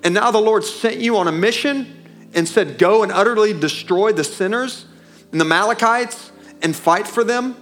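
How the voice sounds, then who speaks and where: Stern aged prophet read aloud by a male preacher, high, loud and slow, over faint music. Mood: stern rebuke.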